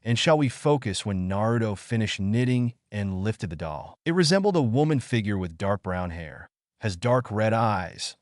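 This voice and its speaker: A man's voice: lowish voice, no room sound, clean studio sound. A man reading fan fiction aloud, with chatty asides to the listener.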